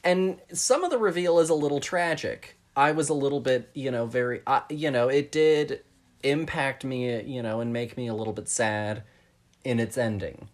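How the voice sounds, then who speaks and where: A man's voice: mid-range voice, moderate pace. A man co-hosting a podcast, talking through a film in a casual, thoughtful way, hedging and restarting his sentences often. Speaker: podcast co-host.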